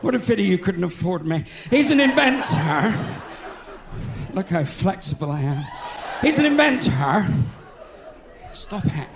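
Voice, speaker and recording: A man's voice: high voice, big pitch swings, a little slow, gravelly, background noise. A man with a West Country English accent doing live stand-up comedy in a large theatre, chatty and self-mocking as he banters with the crowd. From England.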